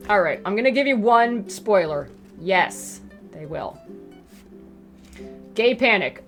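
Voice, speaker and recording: A webcomic creator with a mid-range, animated voice answers reader questions about her comic in a casual Q and A chat. She speaks slowly, pauses often, and rambles with lots of fillers and asides, with faint music behind her.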